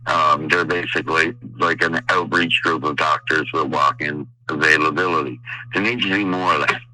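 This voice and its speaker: A man speaking as a housing advocacy spokesperson in a radio interview by phone, halting with many fillers and restarts. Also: rumbling low, steady tone, sharp tone, rough recording. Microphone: phone line.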